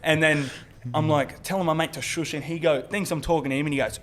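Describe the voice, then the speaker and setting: A man's voice: a little high, steady tone, quick pace, a bit bright. An Australian man, a comedian guest, telling crude stories in a pub and laughing often. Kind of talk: crude storytelling chat.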